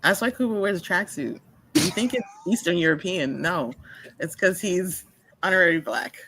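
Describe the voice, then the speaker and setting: A man's voice: high voice, normal speed, pushed and bright, a little hiss or hum, low-quality recording. A man co-hosting a podcast, chatting playfully and laughing often. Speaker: podcast co-host. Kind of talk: casual chat.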